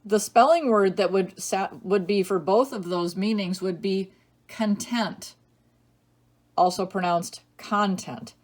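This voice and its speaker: A woman teacher giving a recorded spelling lesson, reading each word slowly and clearly, patient and explanatory. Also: medium pitch, darkish tone.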